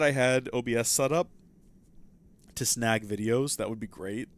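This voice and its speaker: A man's voice: medium pitch, normal speed, long pauses, a little hiss or hum. A man hosting a casual gameplay livestream, rambling and self-deprecating as he chats with viewers. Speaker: livestream host.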